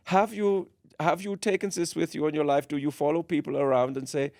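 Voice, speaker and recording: A man voicing a solemn male therapist with a put-on Austrian accent, asking slow, probing questions in a raised voice. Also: on the high side, steady tone, a little mellow, no room sound, studio quality, voice pushed up, close to an everyday voice. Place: radio studio.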